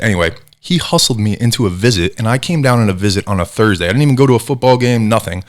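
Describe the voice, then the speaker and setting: A man's voice: lowish voice, very fast. A man in his thirties from New Jersey, a podcast guest telling stories casually and acting out the people he quotes. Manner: animated, acts out quoted voices. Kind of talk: casual storytelling interview.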